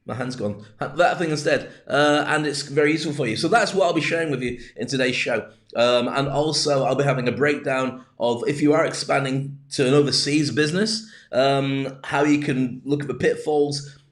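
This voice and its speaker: A man's voice: medium pitch, steady tone, normal speed. A man hosting a casual live business show, talking in a chatty, rambling way with jokey asides. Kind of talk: casual livestream monologue. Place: home in the UAE.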